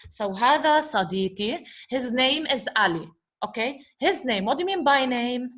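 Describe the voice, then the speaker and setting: A woman with a somewhat high voice teaches Arabic vocabulary in English. She walks through a dialogue, asks her class questions, answers them herself, and goes over each point twice. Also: lively intonation, moderate pace, a bit bright. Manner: talks to her class as guys. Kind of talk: explaining vocabulary from a lesson dialogue.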